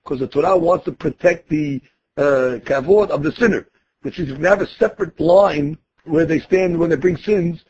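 Husky-voiced man teaching Talmud, lo-fi. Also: a little high, normal speed, a little mellow. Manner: conversational, explains text phrase by phrase with restarts. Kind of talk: daily Talmud class explanation.

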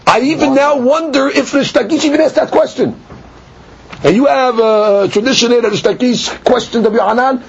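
Animated man teaching a Talmud class. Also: very high-pitched, brisk, a little hiss or hum. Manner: animated, acts out both sides of the argument. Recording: dull lo-fi recording.

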